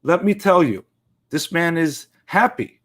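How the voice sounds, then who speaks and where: A man voicing a calm father who patiently and gravely explains things to his son, within a told story. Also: a little high, measured pace.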